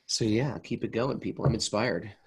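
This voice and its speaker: A man's voice: lowish voice, steady tone, normal speed, breathy edge. A man co-hosting a casual podcast, joking and bantering playfully. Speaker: podcast co-host.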